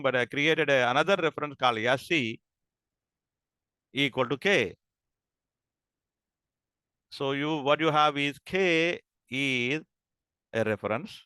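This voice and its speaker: Man teaching a class, bright and crisp, dry recording, halting restarts. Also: a little high, expressive, no room sound. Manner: repeats and checks understanding, halting restarts. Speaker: lecturer. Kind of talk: classroom lecture.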